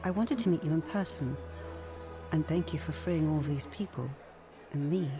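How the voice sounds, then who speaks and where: A woman voicing a gracious former goddess in a video game, speaking in a measured, formal way with a mysterious softness. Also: low-pitched, natural voice. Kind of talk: game voice acting. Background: game music.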